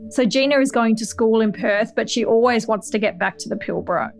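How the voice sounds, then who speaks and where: An Australian woman hosting a podcast, narrating and asking interview questions in a clear, conversational way. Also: on the high side, fairly quick, soft background music. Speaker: podcast host.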